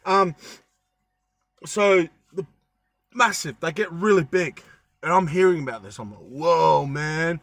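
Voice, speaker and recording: A man's voice: high-pitched, a bit bright, no echo. A young man chatting casually to camera, rambling with lots of ums and restarts, with a bit of a cough. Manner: rambling, many ums and self-corrections. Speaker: travel vlogger.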